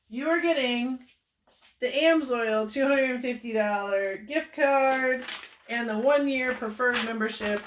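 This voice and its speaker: A woman's voice: fairly high pitch, takes it slowly, pauses often, a little hiss or hum. A woman hosting a casual livestream chat with a bubbly, laughing, rambling storytelling manner. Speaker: host. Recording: echoey room.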